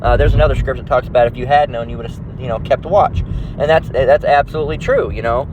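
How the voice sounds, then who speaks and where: A man delivers an informal scripture lesson in a rambling, conversational way, tagging nearly every phrase with a quick "all right" or "okay." His voice sits at an ordinary middle pitch, and faint traffic hums in the background. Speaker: religious teacher.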